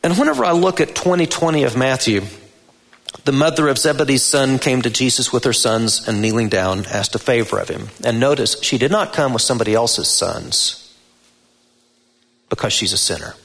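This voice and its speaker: A male pastor preaching a sermon in a church sanctuary, deliberate and emphatic, lifting his voice on key words. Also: medium pitch, lively intonation, gravelly, fairly bright tone. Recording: long reverb of a large hall.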